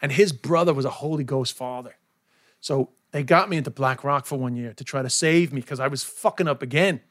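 A man's voice: medium pitch, a little fast, a bit bright, dry recording, clean studio sound. A man with an American accent, a comedian talking as a podcast guest in a frank, self-mocking way with plenty of swearing. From New York, USA. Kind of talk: candid casual chat.

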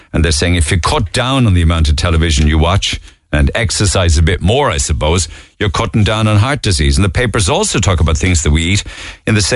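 A man's voice: low voice, no room sound, clean studio sound. A man from Cork with a Cork Irish accent, hosting morning radio in a chatty, musing way as he goes through the papers. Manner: chatty, musing, reads out newspaper items. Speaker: radio show host. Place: radio studio.

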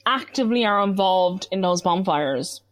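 A woman's voice: mid-range voice, normal speed. A young woman telling a story in casual chat, acting out what others said. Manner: animated storytelling, acts out quoted voices.

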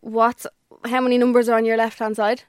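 Young woman with a higher voice. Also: level tone, a little mellow, clean tone, no room sound, clean studio sound. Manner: teasing, quick with questions. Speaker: podcast co-host. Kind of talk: casual chat.

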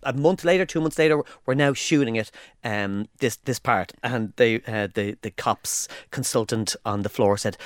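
A man's voice: mid-range voice, moderate pace, no echo, clean studio sound. A man co-hosting a podcast, joking and laughing often as he tells stories in casual chat. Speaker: podcast co-host.

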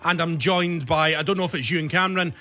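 A man's voice: fairly high pitch, fast, pushed and bright. A Scottish man hosting a podcast, with a dry, teasing, sarcastic way of talking, recorded indoors in a studio. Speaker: podcast host. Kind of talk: casual podcast chat.

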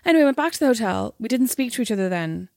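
A woman's voice: on the high side, expressive, racing, creaky, a little mellow, no room sound, clean studio sound. A young Irish woman, a podcast co-host, telling a story in casual chat and acting out the quotes.

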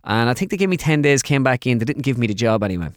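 Fast-talking young Irish man. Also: medium pitch, no echo, clean studio sound. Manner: rapid, animated anecdotes with laughter. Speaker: comedian and impressionist guest. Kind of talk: casual radio interview storytelling. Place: radio studio.

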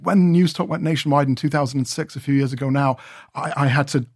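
A man's voice: mid-range voice, quick pace, slightly rough, dry recording. A man chats in a radio studio, rambling through his stories with plenty of restarts. His voice sits mid-range and comes across close and dry, with no room sound. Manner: chatty, rambling with many restarts. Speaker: radio reporter.

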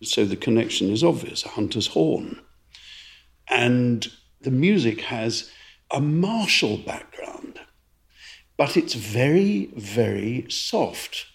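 Male conductor, co-host: gravelly, unhurried, measured explainer. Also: medium pitch, animated. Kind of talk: explanatory podcast chat about opera.

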